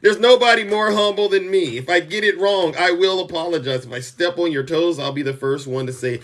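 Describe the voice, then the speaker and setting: Male streamer host, showy and boastful, high bright voice, sits a bit back from the mic. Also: moderate pace, far from the mic. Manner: boastful, theatrical, rising to shouts. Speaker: political commentary streamer. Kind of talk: live-stream political commentary.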